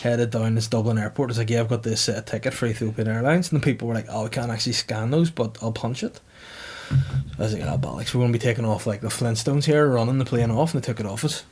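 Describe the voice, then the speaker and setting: A man's voice: mid-range voice, a little mellow, slightly rough. A man chatting on a comedy podcast, swearing a lot and acting out the people in his stories. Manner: swears often, acts out other people in quick bursts. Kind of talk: casual comedy podcast banter.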